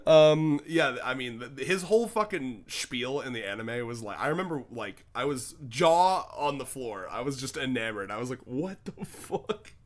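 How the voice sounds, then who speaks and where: A man co-hosting a casual stream on a voice call, animated and swearing freely, laughing often between remarks. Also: medium pitch, moderate pace, hardly any pauses. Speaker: co-host of a manga re-read stream.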